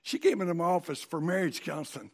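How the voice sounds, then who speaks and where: A man preaching a sermon in a folksy, animated storytelling manner. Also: fairly high pitch, quick pace, vocal fry, breathy edge. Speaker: pastor.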